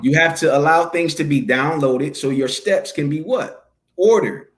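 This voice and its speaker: A man's voice: a little high, moderate pace. A man as an interview guest, talking emphatically and preacher-like, posing questions and answering them himself. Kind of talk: casual conversational interview.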